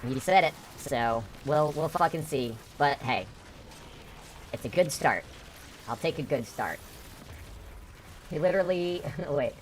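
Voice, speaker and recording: A woman's voice: sits low, animated, a little slow, long pauses, a little hiss or hum. A woman from upstate New York streaming while gaming, chatting casually and bluntly, swearing freely, through a voice changer.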